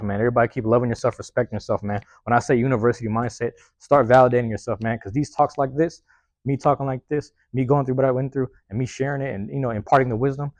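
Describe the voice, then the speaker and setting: A man's voice: medium pitch, a little mellow, no room sound. A man hosting a podcast alone, rambling in a casual, profane monologue and tagging lines with "man", recorded on a phone. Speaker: podcast host.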